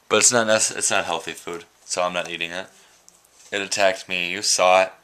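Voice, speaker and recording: A man's voice: low voice, fairly even intonation, brisk, pushed and bright, smooth. A young man talking casually into a handheld camera for his daily vlog, goofy and rambling, mocking himself as he goes. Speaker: vlogger. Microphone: handheld camera mic.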